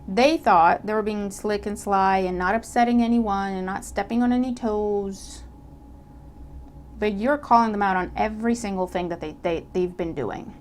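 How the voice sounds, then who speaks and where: A woman gives a casual tarot reading to camera in a medium-pitched voice at normal speed, with a little hiss or hum in the audio. She's animated, acting out imagined dialogue, checking in with the listener and repeating herself.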